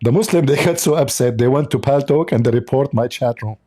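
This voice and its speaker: A male livestream host runs through polemic commentary in non-native English, his tone mocking and sarcastic. The voice is medium-pitched and warm, and he talks fairly quickly.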